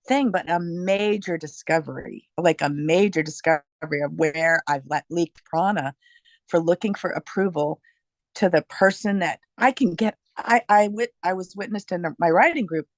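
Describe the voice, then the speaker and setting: Halting, candid woman sharing. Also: fairly low pitch, no echo. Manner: halting, heavy on "like", emotionally open. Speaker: discussion group participant. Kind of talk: personal sharing in a group call.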